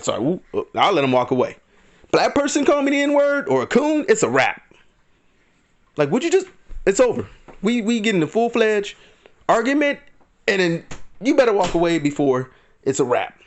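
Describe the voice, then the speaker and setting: A man's voice: high voice, wildly swooping pitch, normal speed, pauses often. A man giving heated, indignant commentary in a vlog, acting out other people's lines in mock voices. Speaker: vlogger. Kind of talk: ranting commentary.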